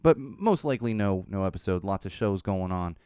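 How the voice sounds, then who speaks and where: A man's voice: deep voice, lively intonation, a little fast, dark tone, smooth, no echo, studio quality. A man hosting a podcast, ranting bluntly about politics with lots of swearing, then signing off the episode. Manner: impassioned, blunt, swears freely. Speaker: podcast host. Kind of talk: political podcast rant and sign-off.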